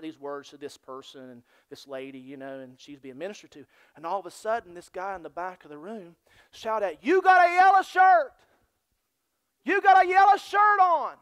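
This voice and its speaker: This man, preaching as a church pastor, has a slightly high voice; he drops almost to a whisper before building up to loud, animated storytelling.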